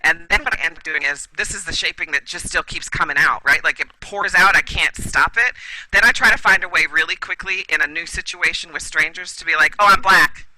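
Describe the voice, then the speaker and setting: Speaking a little fast in a fairly low, bright, forceful voice, a woman who works as a school administrator joins a casual podcast as a guest expert. She's emphatic and keeps checking in with "right?". The recording quality is low.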